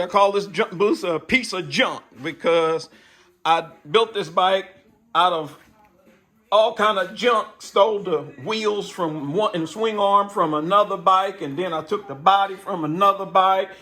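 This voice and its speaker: A man's voice: high-pitched, a little slow, bright, forceful tone. A man chatting casually to camera in a motorcycle shop, telling a rambling story. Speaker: bike builder vlogger.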